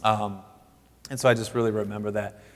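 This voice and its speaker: A man in his thirties preaching a sermon as pastor, talking in a halting way with many fillers and restarts. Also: lowish voice, level tone, big-room sound. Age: 30s.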